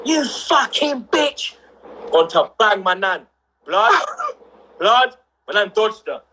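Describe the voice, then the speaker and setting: A young man, telling a story on a casual livestream with rising excitement and shouts. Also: high-pitched, slow, poor audio. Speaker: livestream co-host.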